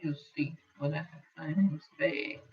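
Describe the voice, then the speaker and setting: A woman's voice: low voice, moderate pace, recorded from a distance. A woman teaching a casual sewing tutorial as a quilting instructor, chatting and thinking aloud while she works. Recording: dull lo-fi sound from away from the mic.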